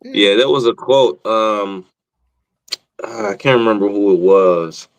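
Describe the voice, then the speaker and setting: A man co-hosting a casual panel podcast, explaining slowly and hesitantly with many fillers. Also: lowish voice, dry recording. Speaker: podcast co-host.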